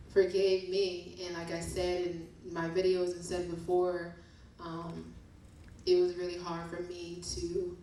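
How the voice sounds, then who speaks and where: A young woman reading her poems at a book release and chatting about them in a slow, soft, reflective way. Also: on the low side. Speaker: author reading her poetry. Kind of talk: poetry reading and casual chat. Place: event room at a book release show. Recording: very echoey room, distant mic, faint noise.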